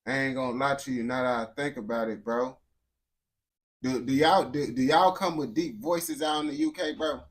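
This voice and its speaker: A man's voice: mid-range voice, fairly even intonation, normal speed. A young man talking loosely to his chat while reacting to a video, rambling and calling everyone bro. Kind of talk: casual live reaction chat.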